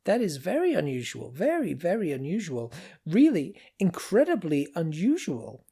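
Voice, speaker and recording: A man's voice: on the high side, huge pitch swings, moderate pace, vocal fry, warm tone, breathy edge, voice pushed up, exaggerated voice. A man voicing a small, smug, quarrelsome male machine that rants and whines. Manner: smug, whiny, ranting.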